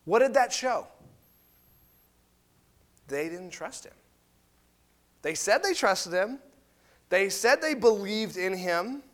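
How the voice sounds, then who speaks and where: A man's voice: high-pitched, slow pace, pauses often. A man preaching a sermon, retelling scripture in casual paraphrase and acting out the quoted voices. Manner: animated, acts out quotes of biblical figures in casual paraphrase. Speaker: pastor.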